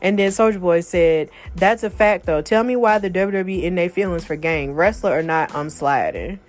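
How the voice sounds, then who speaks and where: A woman's voice: lowish voice, normal speed, faint music behind. A woman in her thirties hosting a podcast, chatting casually and reading out online posts with exasperated asides. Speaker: podcast host. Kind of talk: casual chat, reading out social media posts.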